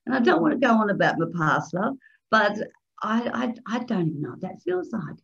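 A woman author talking casually on a video call, animated and self-mocking, often calling people "love". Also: mid-range voice, fairly quick, gravelly. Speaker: author guest. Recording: dull lo-fi video-call audio.

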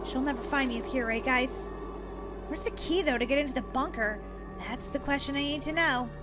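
A woman's voice: high voice, fairly quick, loud music behind the voice. A woman role-playing in a game, talking dramatically, squealing and gasping, swinging from panic to jokes. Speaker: gamer playing as a character in a roleplay. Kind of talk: excitable game role-play chat.

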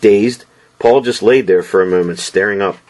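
A man narrating a novel as an audiobook with an expressive, dramatic delivery. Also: on the low side, normal speed.

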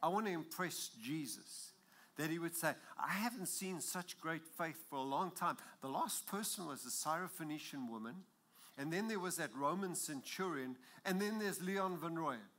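Bright, emphatic male preacher. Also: fairly high pitch, normal speed. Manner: energetic, emphatic preaching that builds in intensity; chuckles at his own jokes. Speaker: pastor. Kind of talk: sermon.

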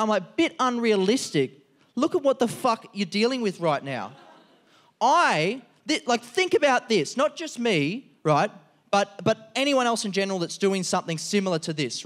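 A man, hosting a live stand-up show, swearing freely and riffing with the crowd. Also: a little high. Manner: profane, animated, riffing with the crowd. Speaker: comedian host. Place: live venue before an audience.

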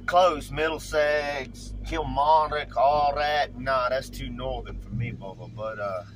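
A man with a Southern drawl vlogging casually, rambling in a folksy, animated way. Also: medium pitch, takes it slowly, slight background noise. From Virginia. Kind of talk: casual chat, vlogging while driving.

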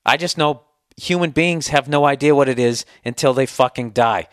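A man's voice: medium pitch, moderate pace, no room sound, clean studio sound. A man hosting a solo podcast, answering listener email in a heated, sarcastic, profane rant. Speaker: podcast host.

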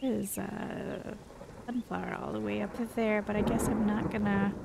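A woman's voice: mid-range voice, flat delivery, measured pace, gravelly, background noise. A young woman giggling and chatting as she plays through a cozy adventure game. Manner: giggly, chatty, easily moved. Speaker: gamer. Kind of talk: let's play commentary.

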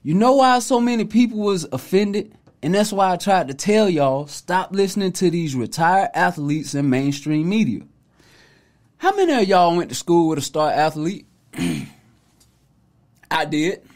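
A man's voice: high voice, very animated, a little slow, darkish tone. A man hosting a podcast, delivering an opinionated commentary monologue in casual slang, mocking and preachy. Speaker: podcast host.

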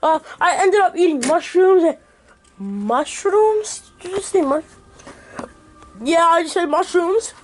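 A woman's voice: very high voice, expressive, slow, slight background noise, heavily acted. A woman playing a fumbling young male troll. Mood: sheepish. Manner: hesitant, rambling explanations. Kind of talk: toy play with voices.

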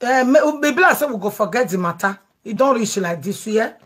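A Nigerian woman takes calls on her live show, speaking Pidgin in an emphatic, pleading way. She sounds husky, a little high and animated, and talks fairly quickly.

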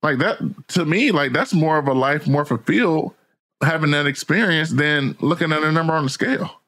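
An American man, a podcast guest and author, telling stories in a casual, slangy, animated way and laughing often. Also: on the high side, moderate pace. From United States. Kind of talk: casual interview chat.

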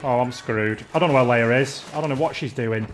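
A man's voice: mid-range voice, brisk, slight background noise. A man ranting in exasperation while commentating his own gameplay. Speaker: gamer.

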